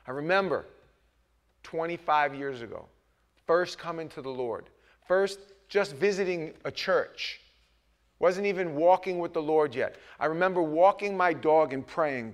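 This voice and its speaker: A middle-aged man preaching a sermon as pastor, talking with the congregation and swinging between hushed asides and loud, emphatic bursts. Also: fairly high pitch, unhurried. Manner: conversational, asks the congregation questions.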